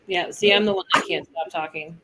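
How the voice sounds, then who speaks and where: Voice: mid-range voice, bright, forceful tone, slight background noise, rough recording. A co-host in a casual live chat, chatty, often laughing and losing the thread mid-thought.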